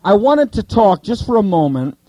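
A man teaching a Bible study to a group, asking the listeners questions and repeating key points slowly. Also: sits high, sing-song, warm tone, dry recording, highs cut off.

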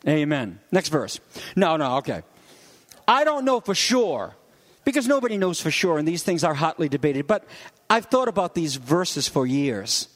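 Male pastor, conversational sermon, slightly high voice, animated delivery. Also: moderate pace, long reverb tail.

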